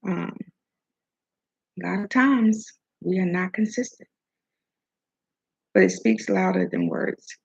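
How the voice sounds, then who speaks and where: A woman's voice: mid-range voice, creaky, breathy edge, dull audio. A woman talking casually and preachily about self-worth and love, swearing now and then, with food in her mouth. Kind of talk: casual motivational talk.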